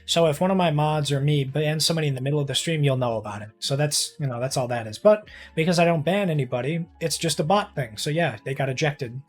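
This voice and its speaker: A young man chatting casually while streaming a game, rambling, swearing freely and getting excited easily. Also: on the high side, fast talker, few pauses, soft background music. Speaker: livestreamer. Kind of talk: casual live-stream chat while gaming.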